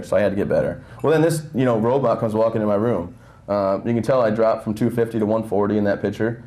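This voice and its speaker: A man's voice: fairly low pitch, fast, mellow. A young man speaking to a breakfast audience, telling personal stories in a joking, conversational way with lots of fillers, close on a handheld mic. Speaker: guest speaker. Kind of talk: motivational talk to an audience. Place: breakfast event hall. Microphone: handheld mic held close, audible nose breathing.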